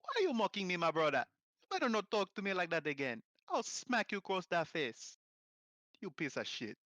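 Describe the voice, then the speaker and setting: A hot-headed street tough barks aggressive, sweary threats in a raised, tense voice, as a man puts him on. The delivery is loud and menacing, and the voice sits higher than a normal speaking voice. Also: very animated, fairly quick, dry recording, lo-fi sound, heavily acted.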